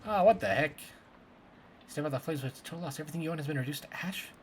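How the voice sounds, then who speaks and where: A man's voice: on the high side, fast talker. A man playing a video game, reading its text aloud and adding offhand asides. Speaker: game streamer. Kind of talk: let's play commentary. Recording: background noise.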